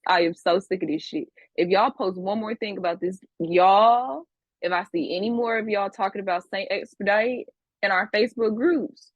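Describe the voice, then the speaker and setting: A woman's voice: medium pitch, moderate pace, no echo, dull audio. A woman teaching a class, scolding her students with profanity and repeating herself for emphasis. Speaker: spiritual teacher. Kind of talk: livestream class lecture.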